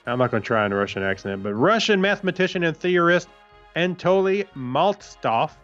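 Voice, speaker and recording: A man's voice: on the high side, lively intonation, brisk, fairly bright tone, dull audio, soft background music. A man co-hosting a podcast, reading history items with dry puns and stumbling over some names. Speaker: podcast co-host. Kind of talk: casual chat reading this-day-in-history.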